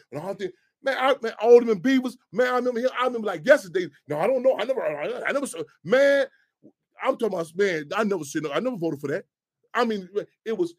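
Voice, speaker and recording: Middle-aged radio host, high voice, animated, heated, swears freely. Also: male voice, husky. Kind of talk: casual talk radio monologue.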